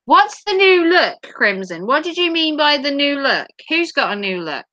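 A woman's voice: sits high, big pitch swings, moderate pace, pushed and bright, dry recording, muffled recording. A woman hosting a live stream, reading out viewer comments in a giggly, playful chat. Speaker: livestream host.

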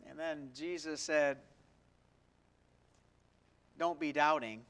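A man's voice: fairly high pitch, slow, long pauses. A man who is a pastor, leading a prayer and then preaching to his congregation, asking them questions and stressing key words. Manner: prays softly, then preaches with rising emphasis and questions to the congregation. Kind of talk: sermon. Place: church sanctuary.

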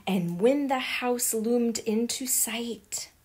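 Woman reading a rhyming storybook slowly. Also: on the high side, a little mellow, breathy edge. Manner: unhurried, sing-song rhyming delivery. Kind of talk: picture book read-aloud.

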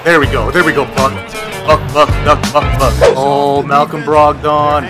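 A young man commentating his own basketball video game, hyped up, shouting and half-singing at big plays. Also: fairly high pitch, level tone, measured pace. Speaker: gaming YouTuber. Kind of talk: excited gameplay commentary. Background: background music.

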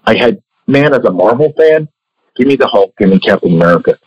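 A man's voice: fairly low pitch, expressive, fairly quick, husky, no room sound. An older man, a comics artist and former editor, talking candidly in an interview, swearing freely and telling stories. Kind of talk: casual interview talk. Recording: dull lo-fi audio.

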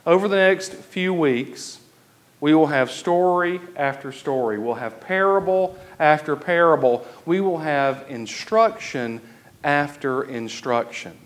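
A man, an Episcopal priest, preaching a sermon in a church, slow and deliberate, stretching key phrases for emphasis. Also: a little high, expressive.

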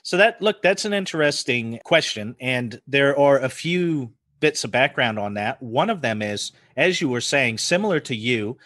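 A man in his forties from the United States with an American accent softened by New Zealand, chatting casually as a podcast guest and laughing often. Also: mid-range voice, expressive, moderate pace, hardly any pauses, no room sound, studio quality. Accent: American with New Zealand influence. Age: 40s. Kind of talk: casual chat.

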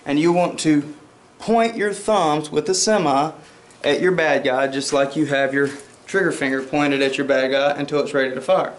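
A man's voice: on the high side, moderate pace. A man teaching handgun basics as an instructor, explaining step by step, checking in with "okay?" and mimicking shots aloud. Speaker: firearms instructor. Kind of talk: demonstration lesson. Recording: roomy echo.

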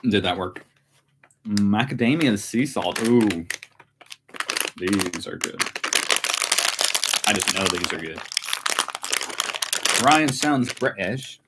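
Chatty low-voiced man hosting a live stream. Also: animated, takes it slowly, long pauses, very noisy. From United States. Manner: chatty, self-mocking, laughs often. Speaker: channel host. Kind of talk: casual live stream chat.

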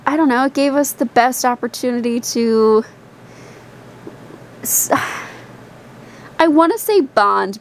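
A young woman vlogging casually to camera, chatty and candid, with a rambling, open way of talking. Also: medium pitch. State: tired and queasy, out of breath.

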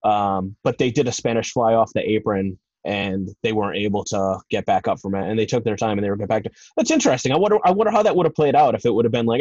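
A podcast host who also promotes wrestling interviews a guest, asking questions and rambling as he thinks aloud. His voice is fairly low and a little mellow, moving quickly with few pauses. The recording is dry, dull and lo-fi, with no echo.

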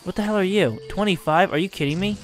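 A man giving excitable, exasperated gameplay commentary and laughing often as he plays. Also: high-pitched, fast, a little hiss or hum. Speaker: let's play host.

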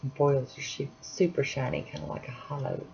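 Low gravelly-voiced woman, chatty nail vlogger. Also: flat delivery, normal speed, warm tone. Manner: chatty, apologetic, self-deprecating. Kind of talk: casual tutorial chat. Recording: dull lo-fi sound, faint hiss.

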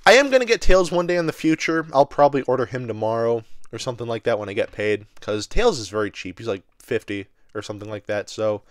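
Excitable young man unboxing toys. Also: medium pitch, quick pace, few pauses, no echo, studio quality. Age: 20s. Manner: rambling, excitable, lots of filler words. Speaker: toy reviewer. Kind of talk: casual unboxing vlog.

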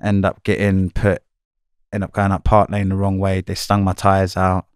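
Male, low and even delivery, candid storyteller, swears freely, dry close recording. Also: normal speed, smooth, dry recording. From London. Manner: blunt, swearing, slangy, repeats himself. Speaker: interviewee.

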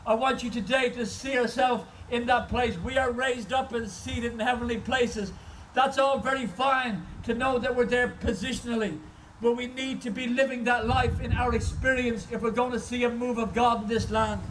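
A man's voice: very high voice, steady tone, normal speed, a bit bright, distant mic, slight background noise, low-quality recording. A man preaching an impassioned sermon as a guest speaker, telling stories at an outdoor car park service.

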